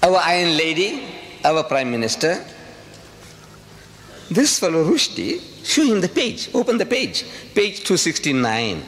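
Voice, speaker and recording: A man from South Africa lectures an audience with a lively, swooping delivery, firing off rhetorical questions and hammering points through repetition. His voice sits a little high and rings with a long hall echo over faint background hum. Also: measured pace. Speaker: public lecturer. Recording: reverberant hall with faint ambient noise.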